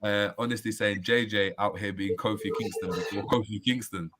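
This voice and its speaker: A man's voice: lowish voice, normal speed, background noise. A man hosting a casual football chat show, telling stories in slang and reading out viewer comments. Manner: animated storytelling, slangy, reads out viewer comments. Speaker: host.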